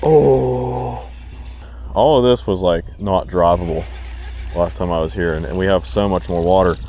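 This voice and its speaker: A man vlogging while fishing from a boat on a river, talking excitedly to himself and the fish. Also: deep voice, unhurried, gravelly, slight background noise. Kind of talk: casual narration while fishing.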